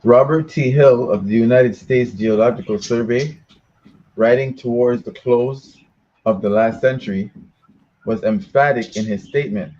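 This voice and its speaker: A man reading a book aloud, slowly and carefully, during a religious lesson. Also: mid-range voice, darkish tone, highs cut off. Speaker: reader.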